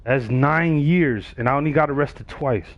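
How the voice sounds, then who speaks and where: A man's voice: medium pitch, moderate pace, dry recording. A man, telling a story casually on his livestream and acting out the other people's voices. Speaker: livestream gamer. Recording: dull, dry sound.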